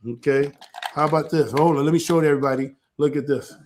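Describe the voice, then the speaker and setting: A man, a church elder, talking through an informal teaching in a lively way, often repeating himself and asking "right?". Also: fairly high pitch, quick pace, a little hiss or hum. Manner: animated, keeps checking in with "right?"; repetitive, stumbles and restarts.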